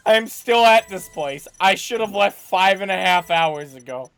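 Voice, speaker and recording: A man co-hosting a podcast, telling a long anecdote in a rambling, animated way with many restarts. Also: sits high, unhurried, clean tone, faint music behind. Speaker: podcast co-host. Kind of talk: casual storytelling chat.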